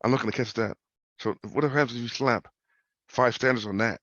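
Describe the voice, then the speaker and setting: Speaking briskly in a steady, medium-pitched, slightly bright voice, a man hosts an informal trading discussion over a video call. He's slangy and repetitive, tagging questions onto what he says, and the recording is dry but muffled.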